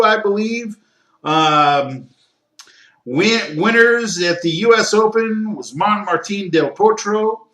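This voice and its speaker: A man hosting a solo sports talk podcast, opinionated and given to rants, with frequent fillers and throat-clearing. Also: high-pitched, pushed and bright, roomy sound. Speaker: podcast host.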